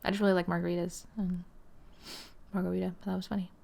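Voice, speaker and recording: Chatty young woman with a gravelly voice. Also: fairly low pitch, little pitch movement, quick pace, darkish tone. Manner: chatty and rambling, with frequent "like" and "um" and some laughter. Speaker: gaming channel host. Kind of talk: casual gameplay commentary.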